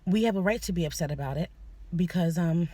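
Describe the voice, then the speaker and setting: A woman's voice: fairly low pitch, a little fast, warm tone, breathy edge. A young woman talking earnestly to camera in a personal vlog, hesitant, often restarting and apologizing. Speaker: vlogger. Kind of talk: personal opinion monologue.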